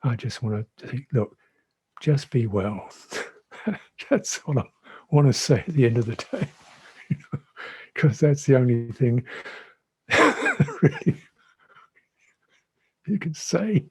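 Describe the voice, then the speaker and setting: A man who is a Buddhist monk teacher giving a dhamma talk in a reflective, gentle way, often repeating his phrases. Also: mid-range voice, huge pitch swings, takes it slowly, long pauses, breathy edge. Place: monastery meditation hall.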